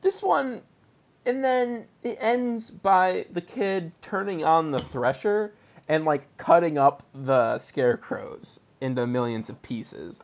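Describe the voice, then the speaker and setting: Animated man in rambling casual chat. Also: fairly high pitch, slow pace, vocal fry. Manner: rambling, laughs often, animated retelling. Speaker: podcast host.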